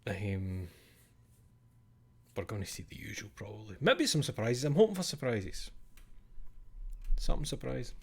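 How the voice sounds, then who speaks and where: A man's voice: lowish voice, big pitch swings, normal speed, long pauses, darkish tone, slightly rough. A man casually chatting on a live stream into a desk microphone, reading out viewer names.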